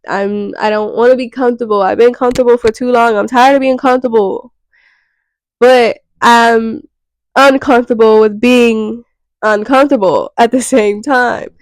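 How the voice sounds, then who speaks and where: A woman's voice: fairly high pitch, steady tone, moderate pace, dry recording, rough recording. A young woman vlogging, talking frankly and a bit rambly about herself and swearing casually. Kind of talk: candid self-reflective monologue.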